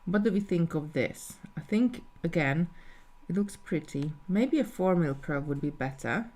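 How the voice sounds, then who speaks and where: A woman's voice: lowish voice, expressive, unhurried, darkish tone. A woman talking through a live beading tutorial step by step, thinking aloud as she works. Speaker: jewellery designer teaching beading.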